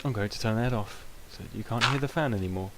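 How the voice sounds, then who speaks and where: A man's voice: on the low side, quick pace. A young British man giving rambling, self-mocking casual gameplay commentary, with many ums. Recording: noisy home recording.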